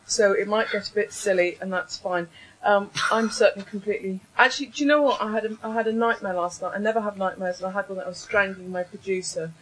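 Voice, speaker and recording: A woman's voice: medium pitch, fairly even intonation, fast talker, fairly bright tone, slight background noise, poor audio. A woman hosting a comedy panel, chatty and hesitant, with plenty of ums. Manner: chatty, hesitant, self-mocking. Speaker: host.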